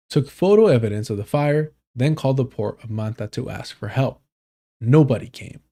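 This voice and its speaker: Dark-voiced male streamer, casual. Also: mid-range voice. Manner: casual, swears, stumbles over names and restarts. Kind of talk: live-stream commentary, reading an article aloud.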